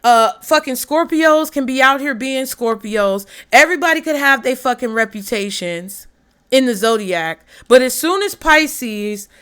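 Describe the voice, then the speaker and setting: A woman tarot reader with a bright, fairly high voice. She talks straight to camera in a blunt, profane and animated way. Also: unhurried, clean tone. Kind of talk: casual tarot reading to camera.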